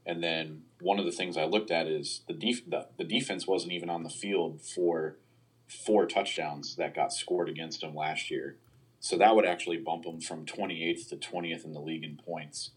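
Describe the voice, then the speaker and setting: A man's voice: deep voice, steady tone, moderate pace, slightly rough. A man talking football roster analysis in a casual podcast chat, hedging often with "you know" and "um". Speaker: sports analyst guest.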